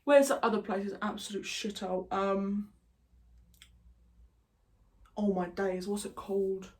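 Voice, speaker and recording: A chatty British woman YouTuber talks casually in a vlog, her voice medium-pitched, fairly flat in pitch, unhurried and a little mellow. She rambles, cracks jokes, and keeps drifting off on tangents.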